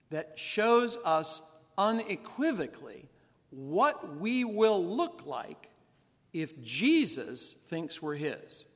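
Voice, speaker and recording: A man's voice: on the high side, fairly bright tone. A male pastor delivering an earnest, emphatic sermon full of rhetorical questions. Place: church. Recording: reverberant church sanctuary.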